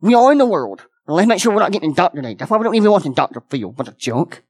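High-voiced preacher man. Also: sing-song, racing, dry recording. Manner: folksy, repeats phrases, many restarts. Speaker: pastor. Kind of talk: sermon.

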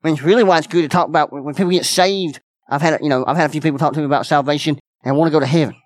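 A man's voice: fairly high pitch, rapid-fire, dry recording. A man preaching a sermon as pastor, folksy and repetitive, with many restarts.

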